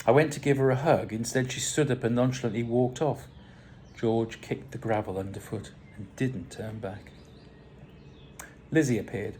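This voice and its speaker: A man's voice: mid-range voice, moderate pace, a little mellow, slight background noise. A man narrating his own story in the first person, with dry, wry understatement. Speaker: audiobook narrator.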